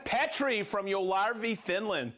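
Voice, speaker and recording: A man hosting a live product show, chatting energetically, joking and laughing often as he reads out viewer shout-outs. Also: high-pitched, a little slow, a crowd in the background. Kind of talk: lively live-stream chat reading viewer shout-outs.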